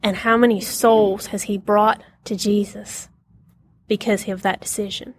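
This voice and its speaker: Leading a relaxed Bible lesson for a group, a middle-aged woman tells lively stories, laughs a lot, and acts out quotes. Her mid-range voice has vocal fry and a fairly bright tone.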